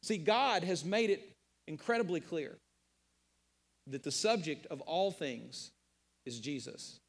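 A man's voice: fairly high pitch, expressive, takes it slowly, big-room sound. A man preaching a sermon as pastor, emphatic and rhetorical, repeating key phrases and asking questions of his listeners. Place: church sanctuary.

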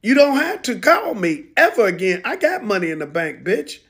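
A man's voice: high-pitched, sing-song, moderate pace, fairly bright tone, full character voice. A man playing a proud, defiant pro football player in a profane, indignant social media rant. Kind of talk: comedic impression monologue.

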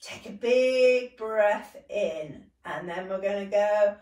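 A young woman with a British accent guides a gentle exercise session in a slow, unhurried way. She sounds encouraging and laughs readily. Her voice echoes around the room, caught by a mic some way off. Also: mid-range voice, animated, distant mic. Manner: warm, encouraging, laughs often. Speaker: dance and movement workshop leader.

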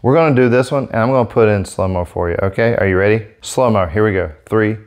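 Man, excitable, gushing, casual demo vlog, microphone set up. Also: on the low side, fast, smooth. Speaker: airbrush artist demonstrating markers.

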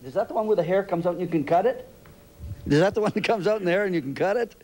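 An older man hosting a children's TV show, gently interviewing young kids in a chatty, rambling, fatherly way. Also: high-pitched, lively intonation, fast.

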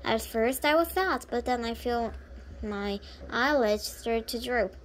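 A woman reading a children's book aloud in a halting way, often correcting herself mid-phrase. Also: a little high, slight background noise. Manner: halting, with frequent self-corrections. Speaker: reader.

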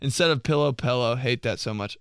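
A man's voice: medium pitch, lively intonation, normal speed, fairly bright tone, smooth, dry recording, clean studio sound. A young man reading out viewer messages for a comedy vlog, mock-outraged and swearing, laughing often. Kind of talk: casual comedic commentary.

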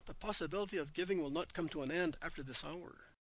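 A man voicing a gentle spiritual teacher in a storybook reading, speaking calmly and measuredly. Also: fairly high pitch, quick pace, dry recording, rough recording. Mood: tender.

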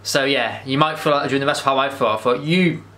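Guy vlogging, gushing and rambling, talks fast, bright tense tone. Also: medium pitch, fairly even intonation. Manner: rambling and enthusiastic, with frequent restarts and swearing. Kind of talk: casual movie review monologue.

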